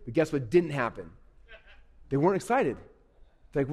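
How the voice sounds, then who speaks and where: Upbeat male speaker addressing youth live; slightly high voice, reverberant hall. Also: normal speed, breathy edge. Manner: energetic, repetitive, conversational. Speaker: motivational speaker. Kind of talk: live motivational talk to youth. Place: stage at a live event. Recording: echoey hall.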